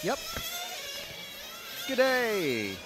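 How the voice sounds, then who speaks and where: A man with a high-pitched voice that swoops wildly speaks very slowly, captured in poor audio. He gives rambling, chatty live race commentary trackside at an outdoor racetrack, full of fillers.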